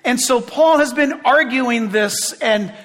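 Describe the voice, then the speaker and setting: A man preaching a sermon with passion, shouting at points and making sarcastic asides. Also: very high-pitched, slow, long reverb tail.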